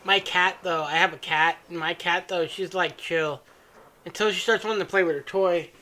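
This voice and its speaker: Podcast host, crude joker, bright edgy tone, mid pitch. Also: steady tone, normal speed. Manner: crude joking storyteller. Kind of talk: casual chat.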